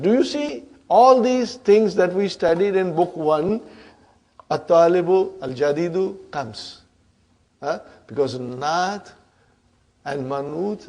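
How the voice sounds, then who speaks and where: Slow, high-voiced male Arabic grammar teacher. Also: darkish tone. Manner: checks understanding with frequent "huh?" and "brothers and sisters"; repeats and spells out grammar terms step by step. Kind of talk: classroom lecture.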